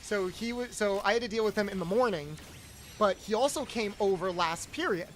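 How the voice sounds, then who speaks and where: High-voiced young man telling stories. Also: fairly quick, soft background music. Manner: rambling storyteller, acts out quotes. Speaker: streamer host. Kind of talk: casual chat while gaming.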